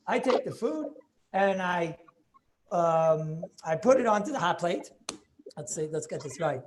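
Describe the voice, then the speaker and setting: A man's voice: high-pitched, very animated, a little slow. A man works through a legal argument on a video call, eager and questioning, often restarting and asking "right?" to check he has been followed. Faint noise sits under his voice. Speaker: Torah class participant. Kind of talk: Talmudic reasoning in a video-call class.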